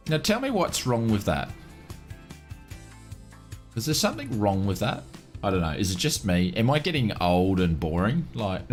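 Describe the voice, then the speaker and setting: A man's voice: high-pitched, a bit bright. An Australian man streaming a flight simulator live, chatting casually and greeting viewers by name one after another.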